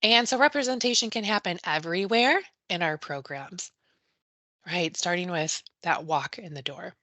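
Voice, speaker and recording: A woman's voice: on the low side, normal speed, bright, forceful tone, no echo. A woman presenting a live webinar on early childhood education, who often tags her sentences with a questioning "right?" and talks to attendees by name. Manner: addresses attendees by name and reads the chat.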